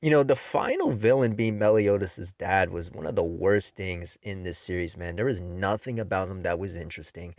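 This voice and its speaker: A man's voice: deep voice, normal speed, few pauses, a little mellow, no echo. A man who hosts his own channel, giving an exasperated, profane rant review of manga.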